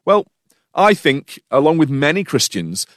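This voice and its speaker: A man's voice: fairly high pitch, sing-song, unhurried, a bit bright, dry recording. British man preaching with dry humour. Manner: storytelling, dry humour, reflective questions. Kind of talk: sermon with personal story.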